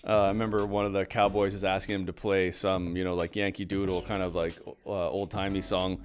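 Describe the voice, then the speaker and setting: A man's voice: low-pitched, flat delivery, a little fast. A young man co-hosting a casual film chat, rambling with many fillers and restarts. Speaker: podcast co-host.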